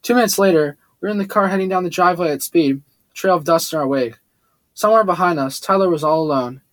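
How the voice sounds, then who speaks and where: A man's voice: fairly high pitch, fast, no room sound. Man narrating a first-person audiobook. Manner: steady reading with occasional slips and restarts.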